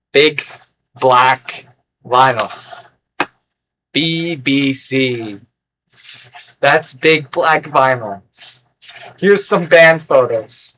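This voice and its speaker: A man rambling through an unscripted vlog in a sarcastic, erratic way, with sudden loud outbursts. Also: medium pitch, slight background noise. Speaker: record collector vlogger.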